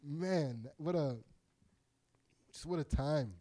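A man's voice: fairly high pitch, slow, dark tone. Rambling man in casual chat. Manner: rambling, heavy on "like" fillers, laughs often.

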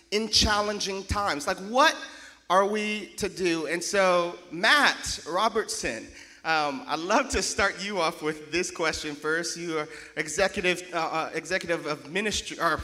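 A man's voice: high voice, pushed and bright. A man hosting a casual church discussion, friendly and chatty, asking questions with frequent restarts. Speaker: host.

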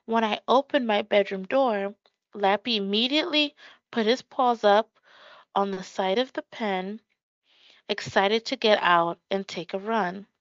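Slow, calm woman narrating a story. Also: medium pitch, no room sound. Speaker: audiobook narrator. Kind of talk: first-person audiobook narration. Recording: dry, slightly muffled.

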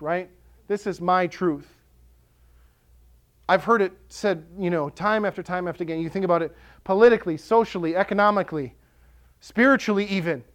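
A male pastor preaching a sermon, impassioned and building to emphatic declarations. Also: high-pitched.

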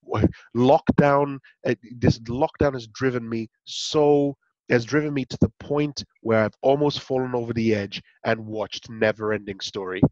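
A man with a raspy voice hosting a radio show over a video call, talking in a rambling, self-correcting way. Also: mid-range voice, fairly even intonation, measured pace, darkish tone, no room sound, muffled recording. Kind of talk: casual radio chat.

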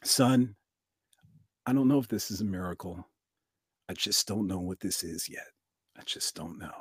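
A man doing a calm old farmer father. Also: sits low, breathy edge, dry recording, clean studio sound. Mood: serene. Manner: quiet, slow, measured.

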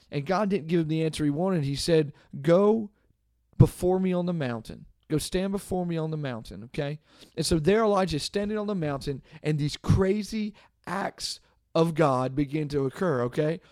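A man with a slightly high voice hosts a devotional podcast, reading a passage and then unpacking it in an easygoing, chatty way. He keeps checking in with the listener as he goes. The sound is close and dry, with no room around it. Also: darkish tone, no room sound. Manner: casual and conversational, often adding "okay?". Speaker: podcast host and Bible teacher. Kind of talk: devotional Bible talk.

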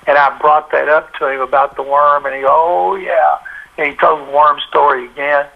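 A man, a sportswriter, telling a story in a lively way and acting out the voices of the people in it. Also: on the high side, fairly quick, phone-quality sound. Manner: animated, acts out quoted voices. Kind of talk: anecdotal storytelling.

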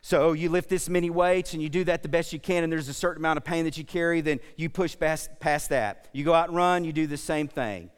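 Fervent preacher with a hall echo. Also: male voice, on the high side, brisk, few pauses, clear, resonant tone. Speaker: pastor. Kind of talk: sermon. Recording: long hall reverb.

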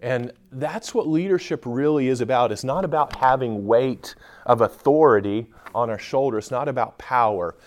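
A man's voice: medium pitch, moderate pace. A man speaking at a conference in front of a live audience, joking and bantering with the people in the room.

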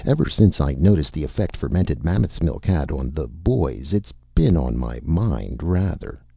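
A man's voice: a bass voice, big pitch swings, unhurried, gravelly, breathy edge, no echo, lo-fi sound, heavily acted. A man voicing a pedantic male robot from the future who turns tipsy, in an audiobook reading. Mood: pompous. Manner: pedantic, slurring after the jolt.

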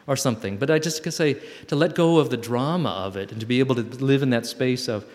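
A man giving a gentle, reflective spiritual talk to a camp group, with playful asides, and reading old letters aloud. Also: mid-range voice, fast talker, few pauses. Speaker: camp speaker. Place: hall with long reverb. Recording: live talk in a reverberant hall.

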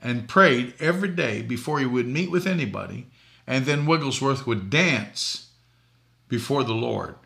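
Older preacher guy from boston, gravelly bright voice, folksy storyteller. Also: mid-range voice, animated, normal speed. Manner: storytelling, folksy, laughs at his own jokes. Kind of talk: preaching talk show answering viewer questions.

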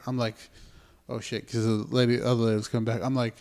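A man's voice: mid-range voice, fairly even intonation, quick pace, a little mellow. A young man co-hosting a podcast, telling a story in loose, profane casual chat and acting out what he and others said. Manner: profane storyteller, acts out his own quotes. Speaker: podcast co-host.

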